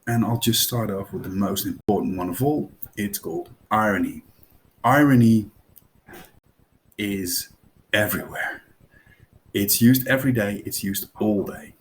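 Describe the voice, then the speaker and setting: A man with a Dutch accent explains a topic to a class in a loose, chatty way, full of fillers and asides. His voice sits fairly low. A faint hiss runs under the recording. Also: measured pace, pauses often, low-quality recording. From Netherlands. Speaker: teacher.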